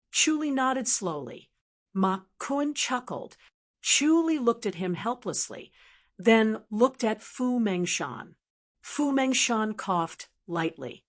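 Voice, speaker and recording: A woman narrating a martial arts audiobook in an even, measured storytelling manner. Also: on the high side. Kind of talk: scripted narration.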